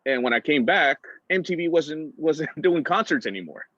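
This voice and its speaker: A middle-aged man telling personal stories as a guest speaker, animated and full of "uh" fillers, acting out other people's lines with big pitch jumps. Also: moderate pace, no room sound. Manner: frequent "uh" fillers and restarts. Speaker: guest speaker, entertainment director. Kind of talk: personal storytelling talk. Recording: dull, slightly muffled sound.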